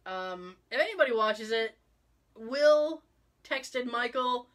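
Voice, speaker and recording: A middle-aged woman hosting a podcast, telling stories in an animated, casual way with frequent laughs. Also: fairly high pitch, takes it slowly. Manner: animated storyteller, exclaims and laughs often. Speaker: podcast host. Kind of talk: casual chat.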